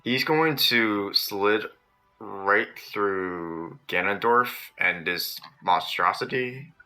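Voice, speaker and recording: A man taking his turn in a tabletop game, with a very deep, gravelly voice and a lively pitch. He speaks slowly and deliberately, working through the rules aloud. The tone is bright, and faint music plays underneath. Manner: slow and deliberate, thinking aloud about rules. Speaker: player.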